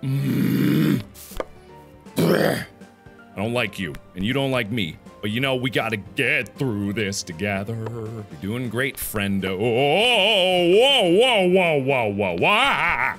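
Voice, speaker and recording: A young man giving game commentary, talking to the game, swinging from mock-soothing murmurs to loud, exasperated outbursts. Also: medium pitch, big pitch swings, slow pace, soft background music. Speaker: gaming video host.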